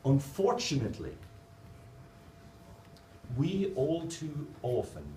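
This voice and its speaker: With a mellow, mid-range voice that swoops wildly in pitch, an Irish speaker talks slowly through a funny, playful conference presentation, explaining his drawings. The recording comes from a distant camera in a large conference hall, echoey and noisy.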